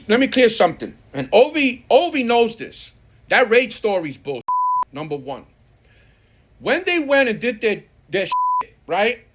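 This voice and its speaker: A man's voice: sits high, fairly bright tone, a little hiss or hum. A middle-aged man tells his side of a feud in a heated, streetwise way, swearing often and quoting himself. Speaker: graffiti writer telling his side. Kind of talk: casual storytelling, profane.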